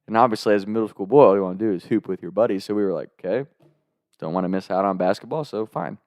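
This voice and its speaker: A young man telling a story from his school days in a casual, animated way, acting out what people said, with sudden loud outbursts. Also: on the low side, rapid-fire, no room sound, studio quality.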